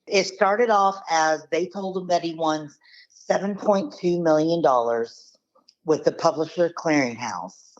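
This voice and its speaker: Low-voiced and unhurried, the niece of a scammed man bluntly and emphatically retells how her uncle lost out, performing the quoted lines in a casual tone. The high frequencies are cut off in the audio.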